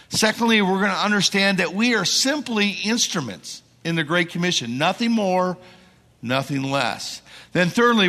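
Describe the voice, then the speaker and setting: A middle-aged man preaching a sermon in a church, telling stories and acting out the people in them. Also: fairly high pitch. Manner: animated storyteller acting out quoted people. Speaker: missionary preacher. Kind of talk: sermon with storytelling. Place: church sanctuary. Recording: long reverb in a large hall.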